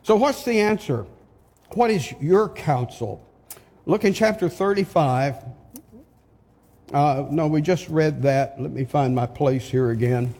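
An older man preaching a sermon, slow and emphatic, asking his listeners rhetorical questions. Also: fairly high pitch, a little mellow. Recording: long hall reverb.

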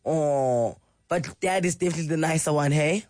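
A woman radio host, a little croaky from illness, chatting playfully on breakfast radio. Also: deep voice, moderate pace, no room sound. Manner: playful, animated.

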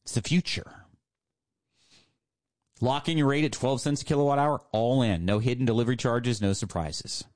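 A male radio host giving a persuasive sales pitch from a studio, emphatic and repeating his key points. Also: fairly quick, hardly any pauses, a little mellow.

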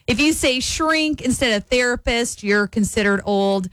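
A woman radio host in casual on-air chat, reading out a list with quick chatty asides. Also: a little high, lively intonation, a bit bright, no room sound.

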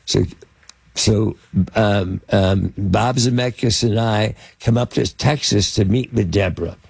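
Gravelly older man telling stories. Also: fairly low pitch, a little mellow, dry recording. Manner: halting, lots of fillers and restarts. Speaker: interview guest, film producer and actor. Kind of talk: anecdotal storytelling in conversation.

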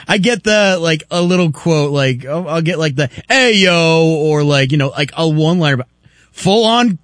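A man co-hosting a casual sports talk show, easygoing and quick to laugh. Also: fairly high pitch, lively intonation, no echo. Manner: giggly, easygoing banter.

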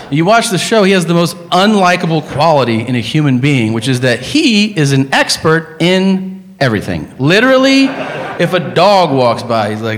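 A man's voice: fairly high pitch, very animated, normal speed, big-room sound. A male stand-up comedian ranting in an incredulous, profane way.

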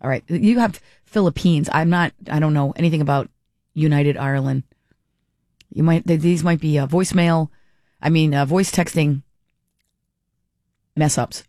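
A woman hosts talk radio, reading listener texts aloud and firing back bluntly with strong opinions. Her low-pitched voice is mellow, her pace moderate, and she leaves long pauses. The studio-quality recording has no room sound.

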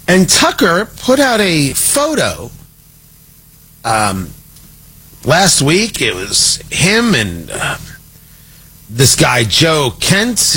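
A man's voice: mid-range voice, creaky, bright, forceful tone, slightly rough. A man delivering a sarcastic, exasperated political opinion monologue as a commentator.

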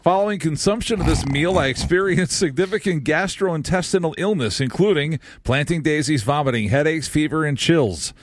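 A man's voice: a little high, normal speed, few pauses, no room sound. A male radio host reading listener stories aloud in a dry, mock-serious way, tossing in wisecracks.

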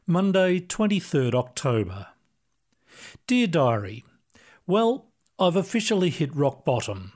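A man reading short stories aloud in a calm, measured manner. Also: on the high side. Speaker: narrator. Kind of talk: storybook reading.

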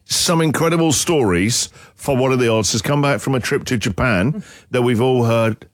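A man's voice: medium pitch, moderate pace, no echo, studio quality. A man hosting a breakfast radio show, teasing his producers in playful, bantering chat.

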